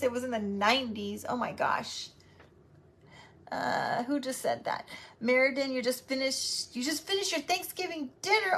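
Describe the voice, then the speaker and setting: A middle-aged woman hosting a live crafting stream, chatting warmly and greeting viewers by name as she works. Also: high voice. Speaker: crafting livestream host.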